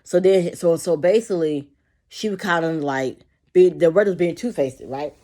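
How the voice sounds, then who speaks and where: A woman's voice: fairly low pitch, normal speed, dark tone. A woman who works with young children, venting in a rambling, profane way and repeating herself as she tells a story about work. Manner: acts out quotes of coworkers. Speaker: childcare worker. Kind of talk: casual venting monologue.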